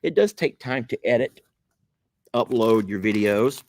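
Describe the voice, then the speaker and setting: A man's voice: medium pitch, lively intonation, measured pace, darkish tone. A man hosting a casual vlog, chatting folksily and directly to his viewers as he opens gifts. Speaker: vlog host. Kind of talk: casual vlog chat while opening gifts.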